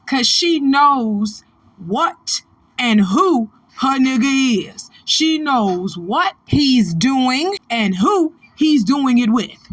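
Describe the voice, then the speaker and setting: This is a woman in her thirties who hosts a gossip commentary channel, and her voice sits a touch high. She lectures celebrities by name in a blunt, preachy style and swears freely. The recording is dry and close, with no room sound. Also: fairly bright tone, no room sound. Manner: preachy, profane, scolding, addresses people directly.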